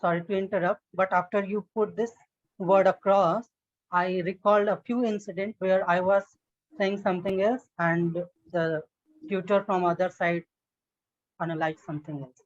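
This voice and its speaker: On a video call, a man learning English practices speaking in a one-on-one online lesson. His high-sitting voice is level and at normal speed, the audio dull, and he talks hesitantly with restarts and plenty of "I mean"s.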